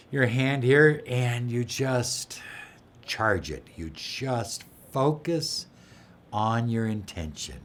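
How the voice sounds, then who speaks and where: A middle-aged man speaks slowly and earnestly in a motivational self-help talk. His pitch moves a great deal, rising and sinking as he coaches, and he sometimes falls to a soft whisper. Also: slight background noise. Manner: slow, earnest, drops to a soft whisper for affirmations. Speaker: law of attraction teacher.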